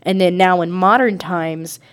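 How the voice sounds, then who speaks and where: A woman's voice: lowish voice, clean tone. Chatty woman podcaster with a stuffy nose. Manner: chatty, rambling, quick to laugh. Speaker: podcast co-host. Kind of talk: casual movie review chat. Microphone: podcast microphone.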